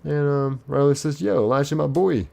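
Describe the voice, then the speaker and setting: A man's voice: on the high side, moderate pace, creaky, warm tone. A man streaming live, casually reading viewers' chat messages aloud in a chipper lilt and chatting back.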